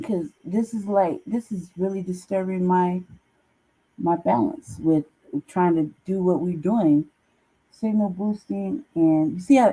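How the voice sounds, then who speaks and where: A woman's voice: mid-range voice, dark tone, rough recording. A woman hosting a casual livestream, talking bluntly with heavy swearing and bursts of laughter. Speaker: show host.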